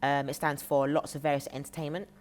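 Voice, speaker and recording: Young woman, very low voice, chatty, laughs a lot, casual interview guest. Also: flat delivery, fast talker, a little hiss or hum. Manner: chatty, laughs often, trails off with fillers. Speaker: comedian and scriptwriter guest.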